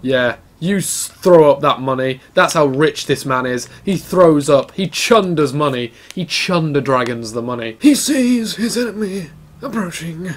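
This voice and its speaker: A young man giving excited, sweary commentary on his gameplay and talking back to game characters. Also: mid-range voice, a little slow, few pauses. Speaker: gaming channel host.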